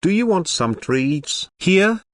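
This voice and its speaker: A man's voice: sits high, sing-song, slow pace, fairly bright tone, pitched above the performer's own voice, exaggerated voice. A man voicing a curious, stubborn little girl princess in an amateur comic dub, talking eagerly and insistently.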